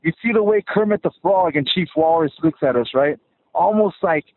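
A man's voice: on the high side, expressive, moderate pace, slight background noise. A man from California calling a sports radio show, ranting in an exasperated, profane way. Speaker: caller. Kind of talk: sports radio call-in rant. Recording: tinny phone line.

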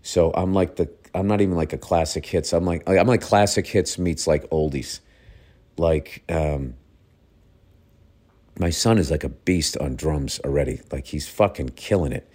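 A middle-aged man with a very deep, darkish voice speaks at normal speed while telling family stories. He is casual, profane, and rambling, often stopping himself mid-sentence.

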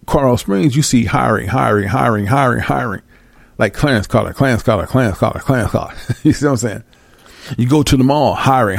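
A man's voice: mid-range voice, creaky, no echo. Man, casual rant, heated, profane, repeats himself, dry close sound.

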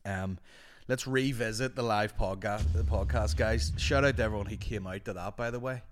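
A man's voice: lowish voice, normal speed, slight background noise. A man with a Northern Irish accent hosting a podcast, telling rambling, sweary stories in casual chat. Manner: sweary, rambling, animated anecdotes. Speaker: podcast host.

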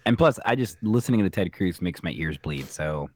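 A man's voice: low-pitched, lively intonation, brisk. A man co-hosting a podcast in casual chat, trading sarcastic quips about the episode. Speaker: podcast co-host.

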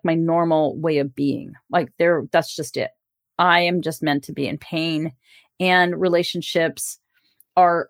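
Woman relationship coach hosting a solo podcast: frank and self-disclosing, loose casual delivery, swears easily. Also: on the low side.

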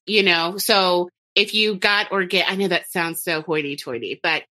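A woman's voice: lowish voice, normal speed, sharp tone. A woman co-hosting a podcast, giving practical nutrition advice in a chatty, casual way.

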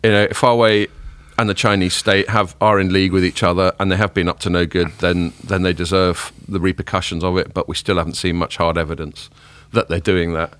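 A man's voice: low voice, little pitch movement, brisk, hardly any pauses, a bit bright, dry recording. A man hosting a tech podcast, chatting casually and giving firm opinions. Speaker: podcast host.

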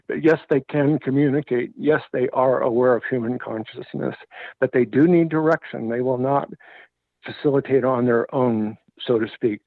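A man's voice: medium pitch, steady tone, moderate pace, no echo. A man telling a personal story as a radio guest, earnest and moved, on dull lo-fi radio audio.

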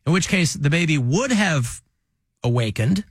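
A man hosting a radio talk show, chatting casually with rambling, animated asides. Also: a little high, unhurried, husky, no room sound, clean studio sound. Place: radio studio.

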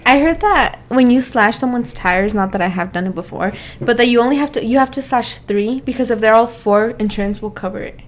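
A young woman co-hosting a casual podcast, blunt and quick to laugh. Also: fairly high pitch. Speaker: podcast co-host.

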